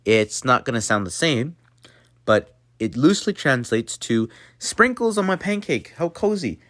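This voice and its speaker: A man's voice: mid-range voice, very animated, unhurried, fairly bright tone, dry recording, studio quality. A man hosting a jokey tutorial and talking to his viewers as if they were a class. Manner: playful, talks to viewers as a class. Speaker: channel host teaching a mock language lesson.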